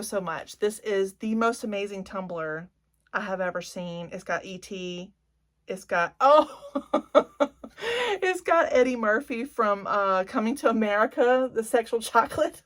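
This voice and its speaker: A woman in her forties with a Cajun Louisiana accent, chatting candidly and gushing emotionally as a beauty vlogger. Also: mid-range voice. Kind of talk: candid vlog chat.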